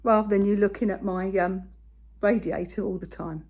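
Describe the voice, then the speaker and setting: An older woman with a husky voice, chatting casually to camera about her crafts as she walks around her kitchen holding the phone. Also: medium pitch, steady tone, moderate pace, a little mellow. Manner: chatty, rambling, talks to her cat and viewers. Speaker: craft vlogger. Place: home kitchen, indoors.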